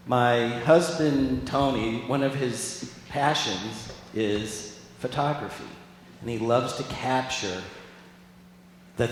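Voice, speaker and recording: A man giving a casual spiritual talk as a guest speaker, chatting with the congregation and asking them questions. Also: medium pitch. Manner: conversational, asks the audience questions. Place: spiritual center hall. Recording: echoey hall from a distance, faint room noise.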